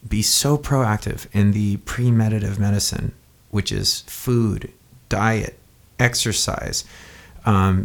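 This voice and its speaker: A man with a fairly low, creaky voice hosts a podcast in casual conversation. He talks earnestly and rambles, often repeating words as he goes.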